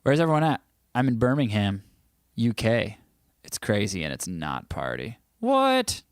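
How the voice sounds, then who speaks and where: This livestream host from the United States has a lowish voice with big pitch swings and a moderate pace. Broadcasting casually from home, he reads viewer comments in a joking, playful way and breaks into snatches of song. The recording is dry and clean, like a studio.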